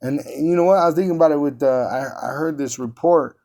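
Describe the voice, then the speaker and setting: A man's voice: a little high, quick pace, darkish tone. A man preaching and teaching from scripture, combative and profane, often repeating words as he drives his points home.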